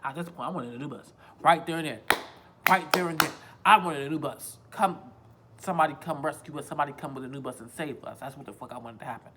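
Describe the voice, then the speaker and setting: A man's voice: mid-range voice, fast, noisy background. A man vlogging a casual storytime on a phone, rambling, repeating himself and swearing freely. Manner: rambling, profane, self-repeating.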